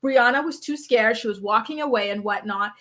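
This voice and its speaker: A woman hosting a reality TV recap, talking in an animated, sassy way and mocking the cast. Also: a little high, brisk. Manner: animated, sassy, quotes people in mocking voices. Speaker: host.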